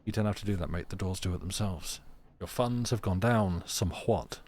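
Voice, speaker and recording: A young man talks over a narrative game in a loose, rambling way. He jokes and restarts his sentences, in a slightly low voice. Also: moderate pace, darkish tone, a little hiss or hum. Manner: rambling, joking, many restarts. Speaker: streamer. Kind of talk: casual game commentary.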